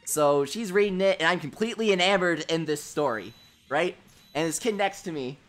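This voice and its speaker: A young man hosts a gaming livestream and chats through rambling childhood anecdotes. His pitch swings widely as he jokes, says "dude" and laughs at himself. Quiet game music plays underneath. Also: animated, normal speed. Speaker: livestream host. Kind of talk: casual gaming livestream storytelling.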